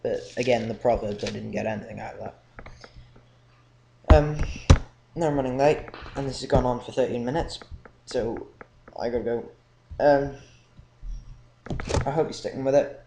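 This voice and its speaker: A man's voice: mid-range voice, normal speed, gravelly, pauses often. A young man giving casual, rambling Bible commentary with lots of ums. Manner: rambling, informal, many ums. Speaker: Bible reading vlogger. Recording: echoey room, faint noise.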